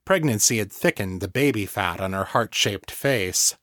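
A man narrating his own novel as an audiobook in a measured, steady way. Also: lowish voice, no room sound, studio quality.

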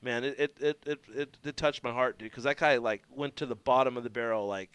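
A man co-hosting a radio show, telling stories in an animated, profane way. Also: mid-range voice, fairly quick, clean tone, no room sound. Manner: animated, swearing, laughing storyteller. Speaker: co-host. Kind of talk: casual storytelling. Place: radio studio.

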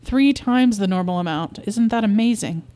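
A woman doing an eager, excitable husband. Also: mid-range voice, moderate pace, lightly acted. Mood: amazed. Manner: bright, insistent, wheedling. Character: eager excitable husband, middle-aged man. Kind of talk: story reading.

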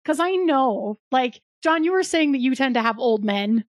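A woman's voice: sits high, lively intonation, moderate pace, dry recording, muffled recording. A young woman co-hosting a podcast, chatting casually with lots of likes and rights and easy laughs. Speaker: podcast co-host. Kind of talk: casual chat.

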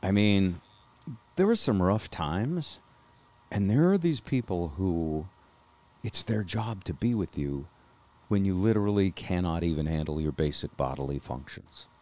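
A man hosting a casual podcast chat from a hospital-type bed on a microphone he doesn't like. His voice sits very low, yet his pitch moves freely as he acts out nurses and doctors. His storytelling is self-deprecating and rambling. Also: expressive, measured pace, darkish tone. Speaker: podcast host. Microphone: unfamiliar microphone.

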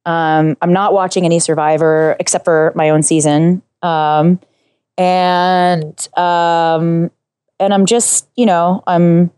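A woman interview guest chatting excitedly, rambling with lots of fillers and restarts. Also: lowish voice, takes it slowly, clear, resonant tone, no echo. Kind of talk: casual interview chat.

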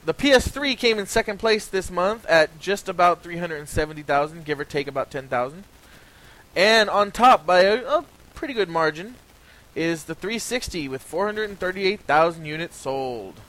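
A man's voice: high voice, lively intonation, moderate pace, fairly bright tone, rough recording. A man hosting a casual gaming podcast, reading out sales figures with lots of ums and restarts. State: slightly hoarse from talking. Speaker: podcast host. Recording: faint hiss.

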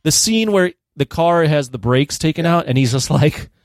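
A man's voice: fairly high pitch, lively intonation, moderate pace, no room sound, clean studio sound. A man co-hosting a podcast in casual movie chat, laughing and acting out lines from films. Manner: laughing, acts out movie quotes, swears casually. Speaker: podcast co-host.

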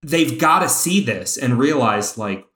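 A man in a casual podcast chat, speaking at a middle pitch with plenty of eager energy. His pace surges and then slows as he gets excited. The room gives his voice a noticeable echo. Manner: excited fan, speeds up and slows down. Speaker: podcast co-host. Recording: roomy echo.

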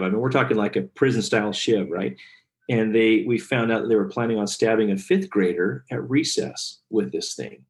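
A man's voice: lowish voice, normal speed. A middle-aged man, a guest speaker and author, telling stories in an earnest, heartfelt way during a podcast interview. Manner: earnest, animated storyteller, gets choked up.

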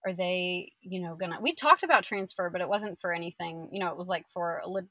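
With a lowish, brisk voice in a dry recording, a young woman tells her birth story in casual chat. She's animated, uses plenty of fillers, and acts out the people she quotes.

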